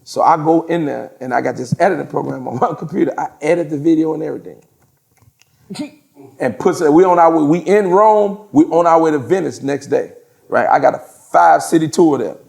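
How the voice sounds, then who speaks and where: A man, a podcast guest telling profane, animated stories and laughing through them. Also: on the high side, a little fast, gravelly. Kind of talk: casual storytelling in an interview.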